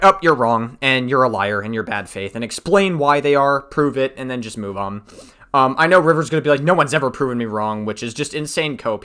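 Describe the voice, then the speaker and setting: A man's voice: mid-range voice, pushed and bright, clean tone. A man giving heated reaction commentary on a debate, swearing freely and mocking his opponent.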